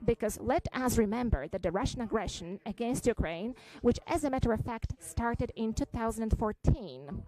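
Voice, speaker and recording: A woman giving a simultaneous interpretation at a press conference, halting, with frequent fillers and restarts. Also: on the high side, lively intonation, warm tone, rough recording.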